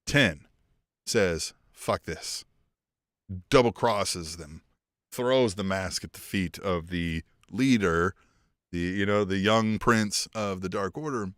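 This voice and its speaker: A man's voice: low voice, slow, a bit bright, dry recording, clean studio sound. A man co-hosting a podcast in casual chat, rambling and profane, laughing often. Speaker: podcast co-host.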